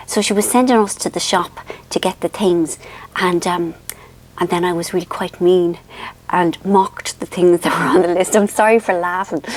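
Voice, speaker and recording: A woman's voice: medium pitch, a little mellow. A woman in her fifties with an Irish accent, telling a rambling, self-mocking family story for her vlog, full of ums. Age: 50s. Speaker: author and vlogger.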